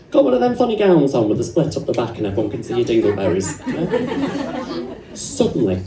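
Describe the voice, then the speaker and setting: A woman's voice: rumbling low, voice pushed down. A woman with an English accent performing live stand-up as a brassy, cheeky female nurse character, teasing the audience with bawdy jokes. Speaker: stand-up comedian. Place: comedy club stage. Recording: roomy live venue from far off, crowd laughter.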